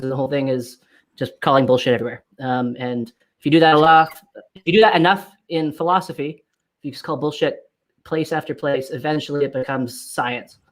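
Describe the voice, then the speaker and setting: A man guest on a casual podcast, laid-back and rambling, swearing casually. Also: mid-range voice. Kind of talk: casual chat.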